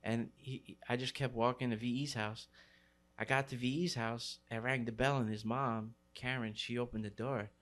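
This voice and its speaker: A man's voice: mid-range voice, flat delivery, normal speed, a bit bright. New man telling a street story. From New York City. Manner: street slang, many fillers. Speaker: graffiti writer. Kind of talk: storytelling interview.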